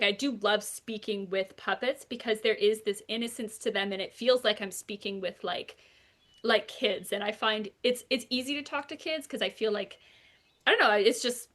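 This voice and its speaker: A woman hosting a casual podcast interview, talking in a lively way, laughing often and acting out quotes. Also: medium pitch. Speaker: podcast host; puppeteer and teacher.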